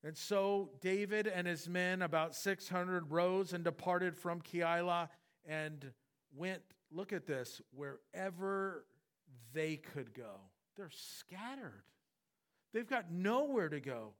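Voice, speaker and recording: High-voiced man preaching a lively sermon. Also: slow. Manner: animated, acts out voices of the story. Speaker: pastor. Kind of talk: expository sermon.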